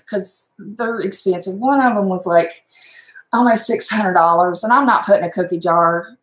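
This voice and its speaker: A middle-aged woman chatting casually while she makes a wreath at home, blunt and talkative with mild cursing. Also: mid-range voice. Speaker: crafting vlogger. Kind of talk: casual crafting livestream chat. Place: home room, indoors. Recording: echoey room sound.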